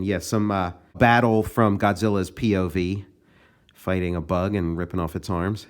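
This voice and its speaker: Male podcast host, very deep voice, casual and meandering, talks through his own comic pages. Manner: loose, meandering, thinking aloud.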